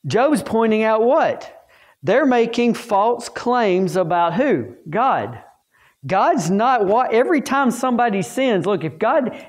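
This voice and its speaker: Folksy man teaching Bible class. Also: high voice. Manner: folksy, asks the class questions and answers them. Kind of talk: Bible lesson to staff.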